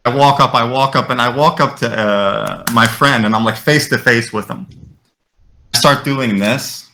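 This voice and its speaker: A man on a casual podcast, spinning a story with lively energy. His voice is bright and forward, and he swears freely and drops Arabic phrases between English lines. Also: medium pitch, normal speed. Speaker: podcast co-host.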